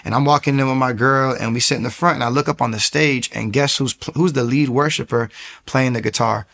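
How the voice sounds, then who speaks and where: In a brisk, creaky, mid-range voice, a young man from the United States tells his personal testimony in a casual way. He animatedly acts out the voices of those he quotes.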